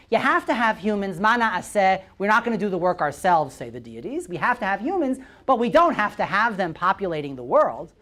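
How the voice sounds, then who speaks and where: A male lecturer giving a Bible talk to a live audience. He keeps tagging his points with "right?" and "okay?" and keeps firing questions at the listeners. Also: sits high. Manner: constantly checks in with "right?" and "okay?". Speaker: visiting lecturer.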